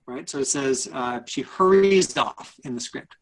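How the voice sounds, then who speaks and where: Husky-voiced male acting coach, halting. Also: sits high, fairly bright tone, poor audio. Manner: halting, many fillers and restarts. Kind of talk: live online acting class.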